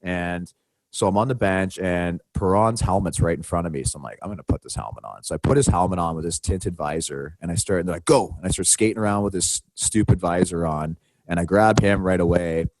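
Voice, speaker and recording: A man co-hosting a podcast relates a story in casual conversation at a fairly quick clip, his low voice rising as he animatedly plays out the quotes. There's no echo.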